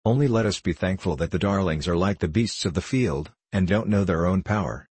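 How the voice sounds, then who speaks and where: A man narrates a classic novel in a measured, wry manner. His voice is low and husky. The recording is close and dry. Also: a little mellow, no echo. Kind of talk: audiobook reading of a classic novel.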